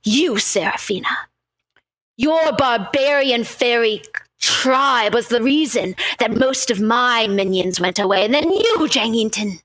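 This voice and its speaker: A woman's voice: a little high, animated, measured pace, fairly bright tone, no echo. Villain ringmaster, male, gloating and theatrical, put on by a woman running the game.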